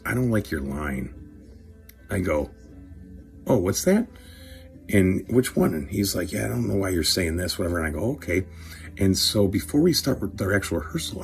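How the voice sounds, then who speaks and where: A man's voice: deep voice, vocal fry. A middle-aged man hosting his own show, telling a rambling, profane story and chatting casually while opening packs of cards. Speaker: show host, career coach.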